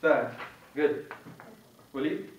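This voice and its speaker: A young adult man teaches a university class on Quran recitation pronunciation in a meeting room, patiently and informally modeling sounds again and again for students. His medium-pitched voice has fairly even intonation and drawn-out words. The room is echoey, the mic distant and muffled, with a little hiss or hum.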